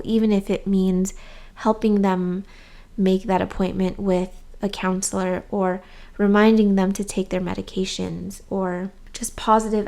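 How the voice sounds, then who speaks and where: This young woman's medium-pitched voice has vocal fry and a darkish tone. She's a YouTuber talking to camera in a relaxed, candid, chatty way, her speech full of "um"s and "like"s.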